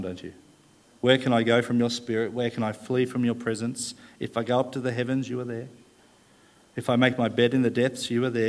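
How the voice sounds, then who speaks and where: A man delivers a sermon from the pulpit in a steady, mid-pitched voice. He talks things through thoughtfully and pauses often with "uh". He slows down to stress key words before moving on. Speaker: preacher.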